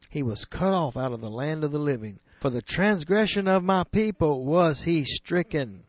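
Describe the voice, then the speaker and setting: A man preaching a sermon that retells scripture, earnest and emphatic, slowing on key phrases. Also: on the high side, expressive, no echo, highs cut off.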